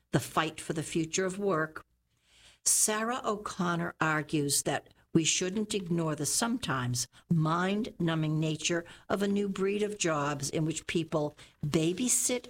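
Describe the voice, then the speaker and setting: Female reader, deep and unhurried, careful newspaper reading. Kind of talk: reading opinion columns aloud.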